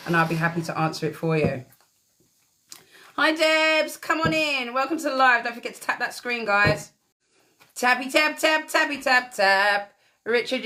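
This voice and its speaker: Chatty woman greeting viewers on a live stream. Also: medium pitch. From England. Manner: chatty, lively greetings, affectionate pet names. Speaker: tarot reader. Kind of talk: casual live-stream chat.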